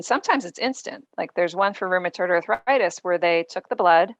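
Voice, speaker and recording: A woman's voice: on the low side, fairly quick, no echo, highs cut off. A woman guest author in a podcast interview, explaining earnestly with frequent ums.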